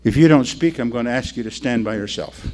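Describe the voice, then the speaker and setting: An older man preaching a sermon, telling stories and calling on the congregation to answer and repeat after him, moving between loud preaching and low asides. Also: fairly quick. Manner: storytelling with call-and-response to the congregation.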